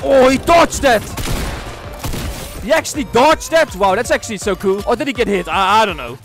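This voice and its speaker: A young man giving excitable, trash-talking commentary over his own gameplay as a streamer. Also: high-pitched, normal speed. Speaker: gaming streamer. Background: game music.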